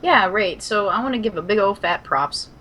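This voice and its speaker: A woman co-hosting a casual podcast, telling a story with lots of animation and freely dropped swear words. Her voice sits at an ordinary middle pitch, and she builds each moment up dramatically. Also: animated, moderate pace, bright, forceful tone. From Kentucky. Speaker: podcast co-host.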